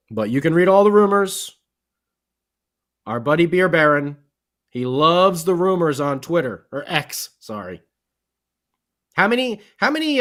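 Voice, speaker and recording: An excitable man co-hosting a sports podcast, talking in a fairly high voice. His pitch leaps around constantly. He rambles, restarts sentences and drops in little exclamations. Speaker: podcast co-host. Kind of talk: casual sports podcast chat.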